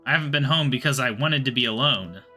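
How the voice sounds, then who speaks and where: A man's voice: medium pitch, fast talker, sharp tone, soft background music, pitched above the performer's own voice. A man reading aloud as a lovesick young tomcat, speaking earnestly. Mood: wistful.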